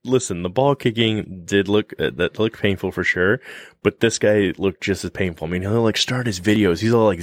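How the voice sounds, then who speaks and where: A man co-hosting a casual podcast chat, rambling and joking in an animated way. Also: fairly low pitch, dry recording, studio quality. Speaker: podcast co-host.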